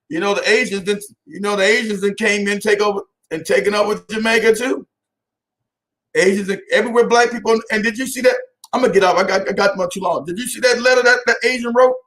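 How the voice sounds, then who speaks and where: A man hosting a casual live stream, talking to viewers by name, animated and often laughing. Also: sits high.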